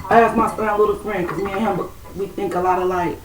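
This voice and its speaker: A woman's voice: medium pitch, steady tone, fast, heavy background noise. A woman telling a personal spiritual story to her viewers in a casual, blunt, streetwise way, cursing now and then. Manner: blunt and streetwise, swears, talks straight to the camera's audience. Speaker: self-described spiritual intuitive.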